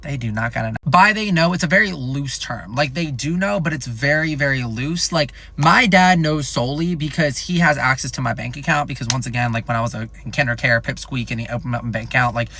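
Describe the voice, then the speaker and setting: A young man in his twenties telling a casual storytime vlog in an animated, profane, rambling way. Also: medium pitch, a little fast, hardly any pauses. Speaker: content creator.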